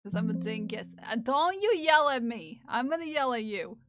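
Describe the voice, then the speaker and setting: A woman's voice: on the high side, animated, normal speed, dry recording. A woman live streamer chatting casually and playfully with her viewers, often giggling and teasing. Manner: playful, giggly, talks to chat. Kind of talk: casual livestream chat.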